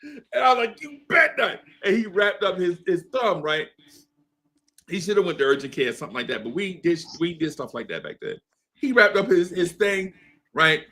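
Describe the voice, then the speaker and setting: Man in his 50s, bright clear voice, kinda high, loose storytelling on a podcast, laughs a lot. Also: animated, moderate pace. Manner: laid-back, laughs often, repeats "right?". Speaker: podcast co-host. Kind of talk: casual storytelling chat. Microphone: streamed podcast mic.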